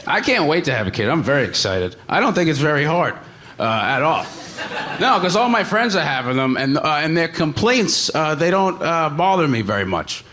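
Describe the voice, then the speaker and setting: A young man doing stand-up with a deadpan, halting delivery full of small pauses. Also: on the high side, background noise. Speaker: stand-up comedian. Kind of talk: stand-up routine.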